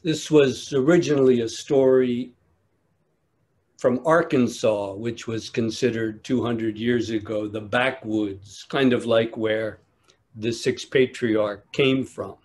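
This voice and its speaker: A man giving a dharma talk at a retreat, telling a teaching story in a measured way with long pauses. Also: mid-range voice, steady tone, a little mellow. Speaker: meditation teacher.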